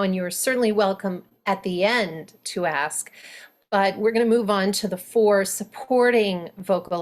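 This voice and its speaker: Enthusiastic woman teaching a video workshop. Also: mid-range voice. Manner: animated, enthusiastic, laughs easily. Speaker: dialect coach leading an online workshop. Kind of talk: live online workshop teaching. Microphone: video call.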